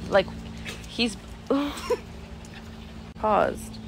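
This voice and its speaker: A woman's voice: medium pitch, expressive, very slow, gravelly, noisy background. A woman singer chatting casually with fans on a phone live stream from home, rambling with lots of "like" fillers and giggles.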